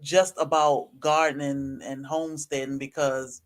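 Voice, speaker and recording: Homestead host, relaxed man. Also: on the high side, unhurried. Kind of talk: casual livestream talk.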